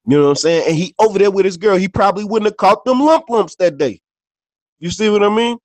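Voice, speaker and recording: A man with a somewhat high voice talks loosely on a podcast, spinning stories in street slang. He swears freely and leans on filler tags after nearly every phrase. The recording is dry and close, with no room sound. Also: animated, fast, no room sound. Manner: loose, conversational storyteller. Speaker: podcast co-host. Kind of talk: casual unscripted chat and storytelling.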